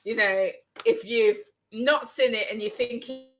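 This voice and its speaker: A woman's voice: fairly high pitch, fairly even intonation, a little slow, faint music behind, rough recording. A woman chatting casually in her home kitchen as she cooks, rambling and repeating phrases for emphasis. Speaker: vlogger. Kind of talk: casual chat while cooking.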